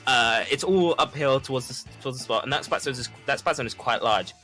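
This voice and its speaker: A man commentating a live esports match, chatty and quick, often repeating words. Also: mid-range voice, sharp tone, soft background music.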